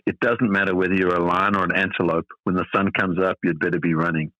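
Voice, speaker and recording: A man's voice: low-pitched, steady tone, fast, pushed and bright, dry recording, poor audio. A middle-aged man from South Africa, a tennis coach being interviewed on a podcast, talking thoughtfully with many fillers and restarts.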